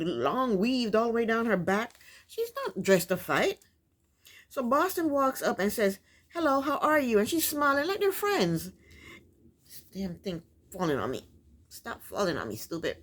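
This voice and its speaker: Woman doing a chatty reality tv recap, voice jumps all over the place, sassy and opinionated. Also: medium pitch. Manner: chatty, opinionated, talks back at the show. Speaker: TV show recap host.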